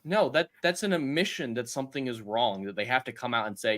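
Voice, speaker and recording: A man's voice: mid-range voice, very animated, fast talker, fairly bright tone. A man co-hosting a casual commentary podcast, talking in a dry, mocking way. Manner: dry, mocking, reads the chat aloud. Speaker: podcast co-host.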